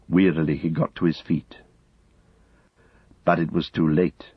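A man narrating an audiobook in a measured, grave storytelling manner, close to the mic. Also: a bass voice, little pitch movement, husky, no echo. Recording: dull lo-fi audiobook recording.

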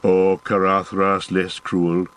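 A man voicing a proud, sorrowful dwarf warrior in an audiobook, speaking slower and heavier than his narration. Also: deep voice, monotone, fairly bright tone, pitched below the performer's own voice, low-quality recording. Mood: grim. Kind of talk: audiobook character voice.

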